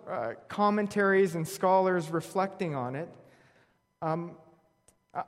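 A man preaching a sermon, telling a scripture story with wry humor and reading verses aloud. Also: high-pitched. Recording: long reverb of a large hall.

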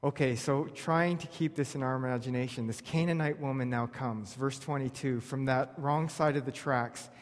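A man preaching a sermon, telling a scripture story with wry humor and reading verses aloud. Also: on the high side. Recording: long reverb of a large hall.

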